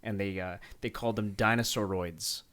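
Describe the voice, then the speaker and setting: A man's voice: fairly low pitch, fairly even intonation, normal speed, a bit bright. Enthusiastic man chatting about film trivia. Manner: enthusiastic, chatty, laughs easily. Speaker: podcast co-host. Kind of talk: casual film discussion.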